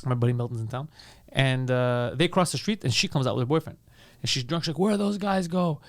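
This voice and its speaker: A man's voice: medium pitch, quick pace. A young man co-hosting a podcast. He tells a story casually, swears a lot and acts out the people in it. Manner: profane, animated, acts out quotes. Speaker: podcast co-host.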